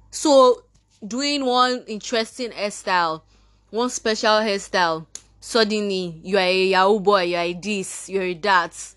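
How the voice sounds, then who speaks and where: A woman's voice: mid-range voice, a little fast. Teen Nigerian girl podcaster, fired-up and indignant, scoffing at the people she quotes. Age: teens. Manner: indignant, ranting, mimics others mockingly. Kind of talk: impassioned monologue.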